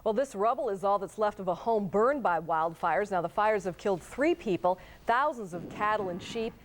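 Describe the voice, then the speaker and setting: A woman reads news stories as a television anchor. Her delivery is clear and measured, with a faint hiss behind her voice. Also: medium pitch, lively intonation. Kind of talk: TV news reading.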